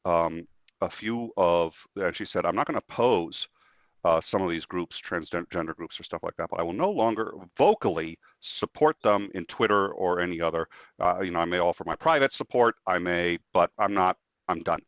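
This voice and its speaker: A man with a fairly low voice chats as a guest and tells stories with animation, acting out the voices of the people in them. The sound is dry and a little dull and lo-fi. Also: normal speed, no room sound. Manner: animated storyteller acting out quotes. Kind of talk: casual conversation.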